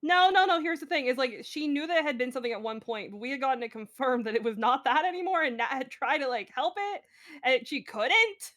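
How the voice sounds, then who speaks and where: A woman playing a tabletop game, giggling often as she rambles through her character's actions. Her voice sits high. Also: fairly quick, fairly bright tone. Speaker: player. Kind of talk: casual tabletop play.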